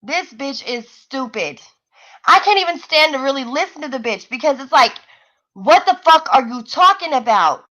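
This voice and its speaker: A woman's voice: high-pitched, expressive, moderate pace, bright, forceful tone, poor audio. A woman hosting a livestream, ranting and mocking in heated, profane commentary. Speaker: livestream host. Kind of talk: heated live-stream commentary.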